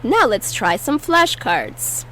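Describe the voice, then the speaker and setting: A woman teaching Spanish vocabulary in a patient way, saying each word slowly and repeating it for learners. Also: fairly high pitch, very animated, bright, forceful tone, a little hiss or hum, poor audio. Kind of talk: slow, clear language lesson.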